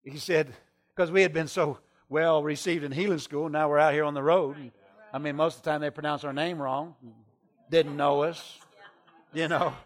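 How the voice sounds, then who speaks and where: A middle-aged man preaches a sermon, telling a story from the road. His voice sits a little high, and he swings from hushed confession to full-throated shouting. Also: steady tone, normal speed. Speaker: traveling preacher.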